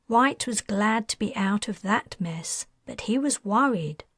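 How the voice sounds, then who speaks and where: A woman author narrating her own science fiction audiobook in a steady, even reading. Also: fairly high pitch, no room sound, studio quality.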